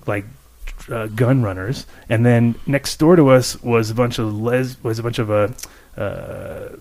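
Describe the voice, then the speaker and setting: A man in casual podcast chat, telling an animated story with plenty of swearing and laughter mid-sentence. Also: medium pitch, measured pace.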